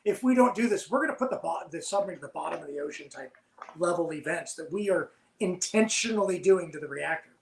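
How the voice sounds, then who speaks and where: Animated man telling service stories, echoey. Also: a little high, fast talker, vocal fry, a little hiss or hum. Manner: animated storyteller, laughs while telling. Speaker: guest, former submarine officer. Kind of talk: storytelling in casual podcast chat.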